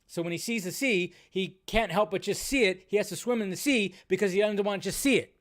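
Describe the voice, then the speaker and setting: Male host, high voice, exasperated ranting movie news commentary on a live stream. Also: a little fast. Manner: ranting, exasperated, talks to viewers.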